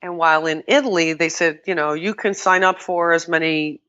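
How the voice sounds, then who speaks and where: Low-voiced older woman telling animated stories. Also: brisk, dull audio. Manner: animated storytelling, quotes herself, laughs often. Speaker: podcast guest, kettlebell sport athlete. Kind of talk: casual interview chat.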